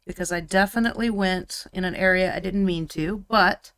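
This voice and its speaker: A woman's voice: lowish voice, normal speed, fairly bright tone, clear, resonant tone, no room sound, clean studio sound. A woman painting miniatures on a live stream, chatting playfully and muttering to herself as she works. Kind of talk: casual chat while painting.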